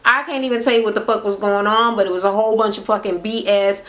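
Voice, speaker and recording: A woman talks straight to her camera, recapping a reality TV episode. She is blunt and sarcastic, and she swears constantly. Her voice sits in an ordinary middle pitch. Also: quick pace. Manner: blunt, sarcastic, heavy swearing, animated retelling. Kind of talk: casual profane recap rant. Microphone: camera mic.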